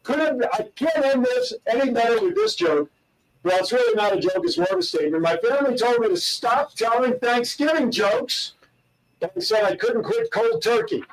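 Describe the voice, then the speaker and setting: A man's voice: extremely high pitch, expressive, moderate pace, far from the mic, slight background noise, poor audio. A man co-hosting a talk show, playfully telling corny holiday dad jokes and poking fun at himself. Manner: playful, self-mocking joke teller. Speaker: co-host.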